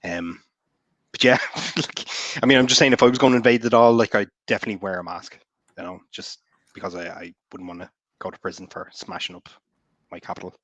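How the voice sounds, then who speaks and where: Deep-voiced Irish man, measured and hedging. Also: fairly even intonation, fairly bright tone, dry recording, highs cut off. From Ireland. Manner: measured, hedging, full of "you know" and "like". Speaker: podcast guest, novelist. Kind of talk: casual podcast chat.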